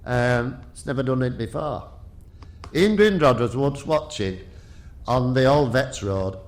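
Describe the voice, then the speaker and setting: A man's voice: medium pitch, a little slow. Older man telling stories. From Yorkshire. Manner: lively storyteller who laughs often and restarts sentences. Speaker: guest, retired rally driver. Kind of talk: casual anecdotal storytelling.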